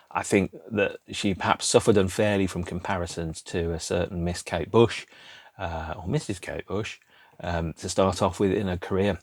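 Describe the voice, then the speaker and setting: Low-voiced man musing aloud. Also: dry recording. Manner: rambling, digressive, musing aloud. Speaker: podcast host. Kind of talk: casual solo chat.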